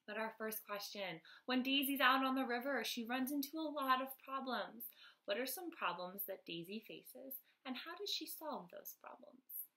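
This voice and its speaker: Woman teacher reading a picture book aloud; gentle, expressive, talks to young readers. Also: sits high, moderate pace, low-quality recording. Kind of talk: children's story read-aloud.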